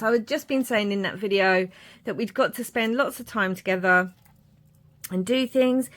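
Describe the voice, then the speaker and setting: A woman, chatting casually as she shows her crafting journal pages. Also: medium pitch. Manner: chatty, rambling, warm asides. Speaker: crafting vlogger. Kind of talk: casual show-and-tell narration.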